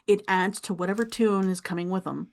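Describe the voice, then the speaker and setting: A young adult woman narrating as game master, describing scenes with pauses and easy laughs. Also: medium pitch, fairly even intonation, gravelly.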